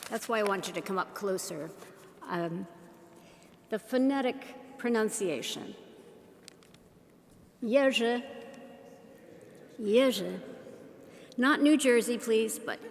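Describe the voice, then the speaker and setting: A woman giving an unhurried, teacherly talk to an audience, asking them questions as she goes. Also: a little high. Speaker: speaker. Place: large shrine hall. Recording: long hall reverb.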